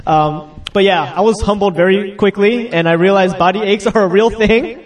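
Young guy preaching, kinda high voice, laughs a lot, mic a bit far off. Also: animated, fairly quick, few pauses. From United States. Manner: chatty, laughing asides, acts out quotes. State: getting over a cold. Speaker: pastor. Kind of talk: casual sermon.

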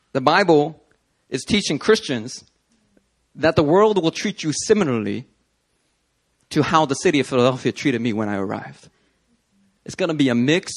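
Lively man giving a sermon-style talk. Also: mid-range voice. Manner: animated storytelling, conversational with fillers. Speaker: Christian teacher. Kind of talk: sermon-style video talk with personal stories.

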